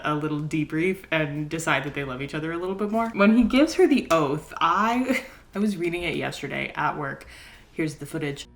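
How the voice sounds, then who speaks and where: A young adult woman with a slightly low-pitched voice talks through a casual reading vlog. She rambles and gets excited, and laughter runs through her talk. She records at home. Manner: chatty, excitable, laughs often, rambling asides. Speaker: book vlogger. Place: home, indoors.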